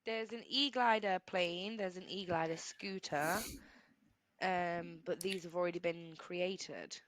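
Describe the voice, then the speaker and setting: A woman co-hosting a podcast in casual chat, playful and quick to laugh. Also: fairly low pitch, fairly bright tone, dry recording. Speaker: podcast co-host.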